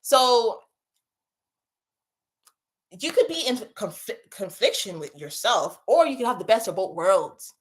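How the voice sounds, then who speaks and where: A woman hosting a casual livestream as a spiritual coach, passionately chatting, repeating herself and giving viewers shout-outs. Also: mid-range voice, big pitch swings, takes it slowly, pauses often. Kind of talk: casual livestream chat reading out comments.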